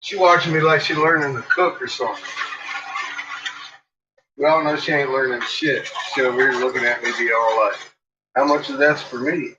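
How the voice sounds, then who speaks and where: A man's voice: medium pitch, steady tone, a little fast, pauses often. A man chatting casually while he cooks in his home kitchen, swearing freely and scolding his dogs. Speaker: vlogger. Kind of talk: casual chat while cooking. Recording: dull lo-fi sound with clear background noise.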